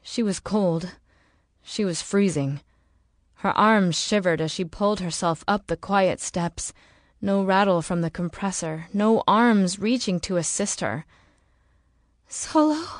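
A woman reading an audiobook in slow, measured, dramatic narration. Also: on the low side, no echo, studio quality. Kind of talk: scripted narration.

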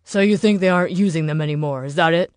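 A woman voicing a gruff, impatient man in command, who swears and gives blunt orders. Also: a little high, fast, no room sound, natural voice. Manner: brusque, curses, gives orders. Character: gruff impatient male militia leader.

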